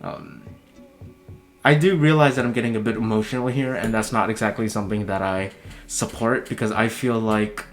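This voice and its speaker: A man talking in a casual commentary vlog, heated and swearing, his voice jumping high when he is worked up. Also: steady tone, normal speed, faint music behind. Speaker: video commentator.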